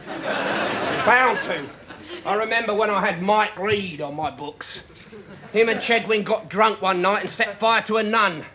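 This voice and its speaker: A man's voice: high-pitched, measured pace, over a noisy crowd. An actor playing a seedy, unflappable middle-aged male showbiz agent in a sitcom, with a drawling, camp manner. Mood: scheming. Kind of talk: sitcom acting. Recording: studio audience laughter, background hiss.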